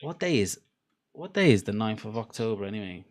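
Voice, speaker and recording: A man's voice: lowish voice, big pitch swings, fairly quick. A young man with a Cardiff Welsh accent, rambling and swearing freely as he chats casually to his livestream viewers. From Wales. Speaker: livestream host.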